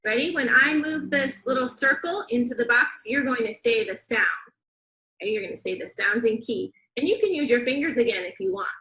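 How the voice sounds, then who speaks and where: A woman's voice: a little high, bright, forceful tone. Upbeat woman teacher in an echoey room. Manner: slow, clear, encouraging instruction with call-and-response counting. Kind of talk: demonstration phonics lesson with young students.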